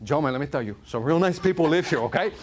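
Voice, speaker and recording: A man's voice: on the high side, expressive, fast talker, pitched below the performer's own voice, close to an everyday voice. Boastful gangster type, thick put-on drawl, done by a man as a joke. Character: tough-talking male movie gangster, boastful.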